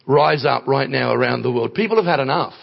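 Gravelly preacher, lo-fi recording. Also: male voice, mid-range voice, animated, a little fast. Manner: conversational, rising to emphatic preaching. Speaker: guest preacher. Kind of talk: sermon with storytelling.

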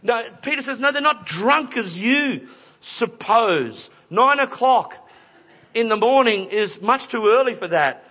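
High-voiced man preaching. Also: measured pace. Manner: conversational, animated storytelling with playful voices. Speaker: pastor. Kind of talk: sermon. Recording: dull lo-fi recording.

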